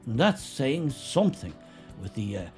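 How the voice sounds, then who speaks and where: A man's voice: mid-range voice, big pitch swings, moderate pace, husky, soft background music. A man giving sarcastic political commentary in a mocking, emphatic way. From Ireland.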